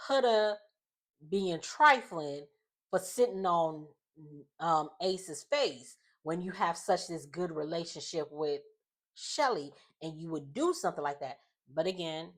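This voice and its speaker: A woman with a low voice casually retells a reality show episode. She rambles, trails off into fillers and laughs a lot as she goes. Her delivery is loose and chatty, like talking to a friend. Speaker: reality-show recap vlogger. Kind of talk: casual chat recap.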